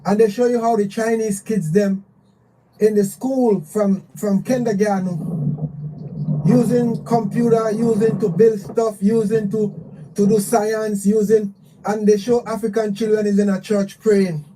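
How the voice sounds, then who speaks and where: Emotional high-voiced male caller, dark tone. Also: level tone, unhurried, distant mic, slight background noise, low-quality recording. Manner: emotional, rambling, repeats himself. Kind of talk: emotional call-in remarks.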